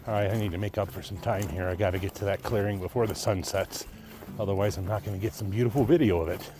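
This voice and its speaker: A man vlogging while hiking through deep snow in a mountain forest, out of breath and panting between remarks. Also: steady tone, fast talker. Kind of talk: casual trail commentary. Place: snowy mountain forest outdoors.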